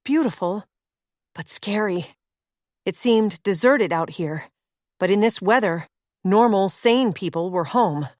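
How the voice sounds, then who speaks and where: A woman reading a suspense novel as audiobook narrator, in a steady, measured way. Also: medium pitch, no room sound, studio quality.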